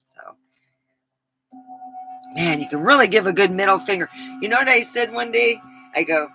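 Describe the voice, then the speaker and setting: A woman's voice: medium pitch, expressive, normal speed, pauses often, bright, forceful tone, faint music behind, low-quality recording. A middle-aged woman vlogging in a casual, rambling chat, swearing freely and laughing at her own stories.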